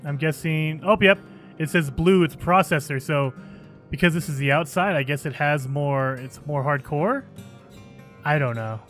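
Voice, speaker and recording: A man hosting a gaming channel, giving excitable let's play commentary and thinking aloud as he plays. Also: on the high side, moderate pace, soft background music.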